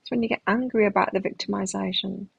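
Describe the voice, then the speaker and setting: A woman's voice: medium pitch, steady tone, fast, vocal fry, husky, no room sound, dull audio. A middle-aged woman giving a live tarot reading, talking in a reflective, self-help manner with frequent restarts. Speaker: tarot reader.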